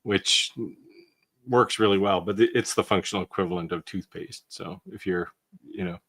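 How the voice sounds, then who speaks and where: Co-hosting a casual live maker Q&A, this man lays out technical details in a plain, practical way, drawing on what has worked in his own hands-on making. His voice is low-pitched and a bit bright, at normal speed, captured close and dry without any room echo.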